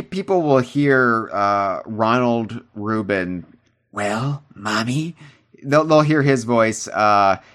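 Lowish-voiced rambling male podcast host. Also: fairly bright tone, clear, resonant tone. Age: adult, calls himself old. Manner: chatty, rambling with restarts and fillers. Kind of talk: casual podcast chat.

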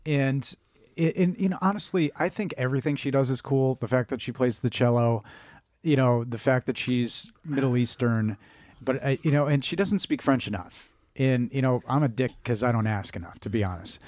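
This podcast co-host, a man in his forties from Michigan in the American Midwest, chats casually, rambles, puts himself down and restarts his sentences a lot. His voice is mid-range and darkish, at normal speed, with no echo.

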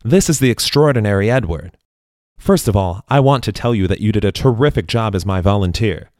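A man's voice: on the low side, fairly quick, darkish tone, no room sound, studio quality, close to an everyday voice. A man voicing a proud, grandiose male stage magician in a spoken story. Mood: boastful. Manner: grandiose, self-congratulating, apologetic when explaining.

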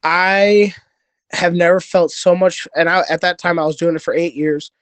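Guy on a podcast, kinda high voice, earnest, restarts a lot, dry close sound. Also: steady tone, moderate pace, a bit bright, clean tone, dry recording. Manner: earnest, rambling with many restarts. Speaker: podcast guest, jiu-jitsu competitor. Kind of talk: casual interview storytelling.

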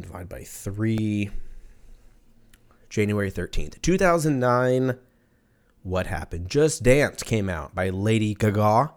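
A man hosting a podcast alone, telling a rambling, profane, self-mocking story in a casual comedic monologue. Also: fairly low pitch. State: in pain from a stubbed toe. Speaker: podcast host.

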